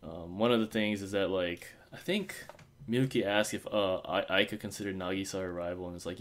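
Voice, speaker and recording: A man's voice: deep voice, fairly even intonation, brisk. A man co-hosting a casual fan podcast, rambling with many fillers and restarts. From Osaka. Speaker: podcast co-host.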